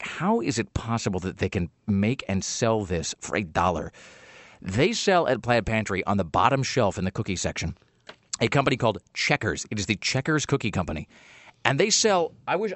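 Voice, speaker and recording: A man's voice: mid-range voice, no echo. A man hosting a radio show, chatting casually and rambling through jokey stories. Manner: rambling, animated storytelling. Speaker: radio host.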